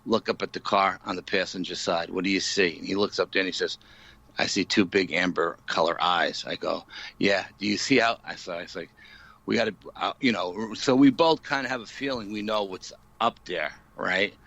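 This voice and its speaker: A man being interviewed as a paranormal investigator, retelling an eerie night in an animated, dramatic way full of "you know". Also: deep voice, normal speed, gravelly, lo-fi sound. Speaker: paranormal investigator, podcast guest. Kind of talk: storytelling in a casual interview.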